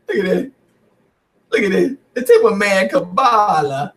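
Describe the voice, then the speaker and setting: High-pitched male preacher, animated, mocking commentary on scripture. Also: moderate pace. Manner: animated, mocking, stumbling restarts, frequent "right?".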